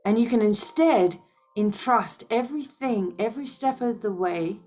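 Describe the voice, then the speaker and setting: A woman's voice: a little high, lively intonation, moderate pace, darkish tone, soft background music. A woman speaking as a spiritual healer in a passionate, emphatic monologue to her followers, driving her points home with rhetorical questions and a repeated "okay?".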